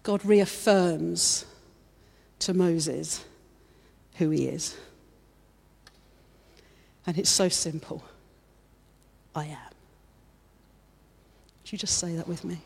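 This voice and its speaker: A woman's voice: lowish voice, takes it slowly, gravelly, pauses often, a little mellow, breathy edge. A woman preaching a sermon in church, fervent and repeating her phrases as she builds.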